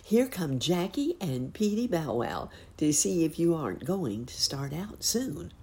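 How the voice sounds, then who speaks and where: A woman's voice: deep voice, big pitch swings, a little mellow, pitched above the performer's own voice, full character voice. A woman voicing a bustling muskrat lady housekeeper who fusses over everyone in a storybook reading. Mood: brisk. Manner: brisk, fussing.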